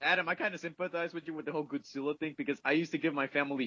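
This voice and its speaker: Husky guy with a bright edge, podcast banter, dull dry recording. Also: fairly high pitch, rapid-fire. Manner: animated, laughs while talking. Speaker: podcast co-host. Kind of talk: casual chat.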